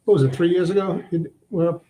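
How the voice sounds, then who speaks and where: A man guest on a talk show, talking casually with a relaxed, halting manner. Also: sits high, slight background noise. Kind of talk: casual chat.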